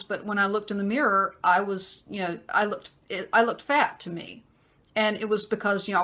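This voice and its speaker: A woman telling a personal story in a conversational vlog, with many fillers and pauses. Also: mid-range voice, a bit bright. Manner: acts out a harsh man's voice in quotes. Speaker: vlogger.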